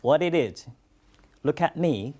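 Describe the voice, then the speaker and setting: A Chinese language teacher, a native Chinese speaker, teaching a class in English with steady praise and repetition. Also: mid-range voice, slightly rough. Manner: slow, encouraging, repeats lots of praise. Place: classroom with students.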